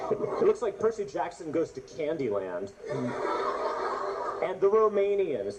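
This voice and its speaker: A middle-aged man, an author, telling funny stories to an audience in an animated, joking way. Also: fairly high pitch. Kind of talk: humorous storytelling talk. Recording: noisy audio with background ambience.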